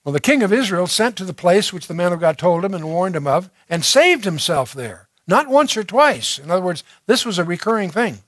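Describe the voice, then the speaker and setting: Guy doing a bible study talk, kinda high voice, reads the verses then explains, lots of uhs and restarts, dry close sound. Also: very animated, brisk, hardly any pauses, a bit bright, no echo. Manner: conversational, with fillers and restarts. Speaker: Bible teacher.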